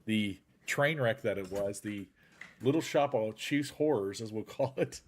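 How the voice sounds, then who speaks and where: A man's voice: lowish voice, moderate pace. A man hosting a casual live chat show over a video call, joking and rambling, sounding a little congested. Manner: lively, jokey, rambling. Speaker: podcast host.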